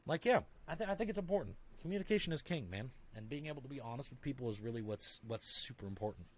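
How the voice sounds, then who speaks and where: A man's voice: medium pitch, expressive, quick pace. A man talking as a podcast guest in casual conversation, emphatic and full of "like"s, often acting out little dialogues in other voices. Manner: filler-heavy, talks with many "like"s.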